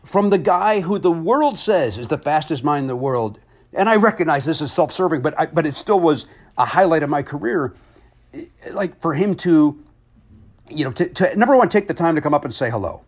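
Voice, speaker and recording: A comedian and game show host telling a story in casual conversation, animated and self-deprecating. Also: male voice, a little high, moderate pace.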